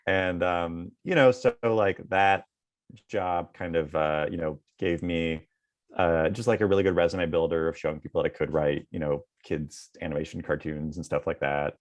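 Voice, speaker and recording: Low-voiced man, filler-heavy casual talk. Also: steady tone, normal speed, dry recording. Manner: rambling, many fillers like "um" and "like". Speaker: guest comedian and TV writer. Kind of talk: casual interview answers.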